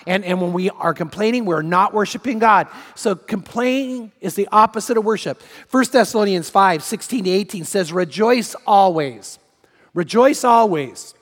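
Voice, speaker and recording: A man's voice: high-pitched, big-room sound. A man preaching a sermon as pastor, emphatic, repeating key phrases and acting out the quotes he reads.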